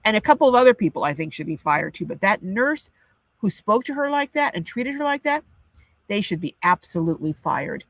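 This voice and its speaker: A woman's voice: mid-range voice, sing-song, fairly quick, no room sound. An older woman hosting a live chat, ranting with indignation and reading out viewer comments. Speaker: livestream host. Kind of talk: casual livestream chat.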